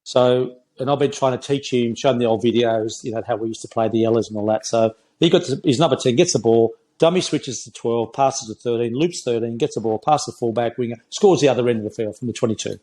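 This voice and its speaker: A man's voice: medium pitch, quick pace, few pauses, mellow. Blunt Australian man in his sixties. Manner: blunt, opinionated storytelling, says "mate" often. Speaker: former rugby player, guest. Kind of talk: casual podcast interview.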